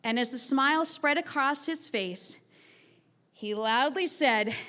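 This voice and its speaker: A woman's voice: sits high, unhurried. A woman teacher telling a personal story live on a theatre stage, acting out the voices of the people she quotes. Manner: animated, acts out quoted voices.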